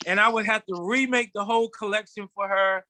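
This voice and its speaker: High, bright-voiced man telling a story. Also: brisk, dry recording. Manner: animated storyteller, acts out quotes. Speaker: fashion designer guest. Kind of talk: casual storytelling interview. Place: studio.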